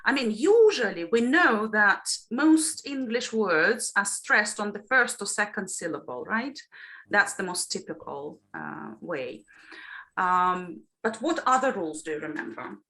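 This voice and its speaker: Lively teacher with a bright voice. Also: female voice, medium pitch, measured pace. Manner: explains patiently, often checks in with "yeah?" and "right?". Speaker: teacher trainer. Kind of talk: online phonology lesson. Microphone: video call.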